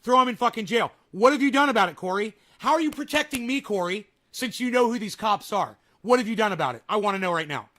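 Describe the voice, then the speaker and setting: A man's voice: high voice, expressive, quick pace, hardly any pauses, fairly bright tone. A man ranting angrily on a live stream, mocking and swearing heavily as he reacts to clips and talks to his chat. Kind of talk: profane live-stream rant.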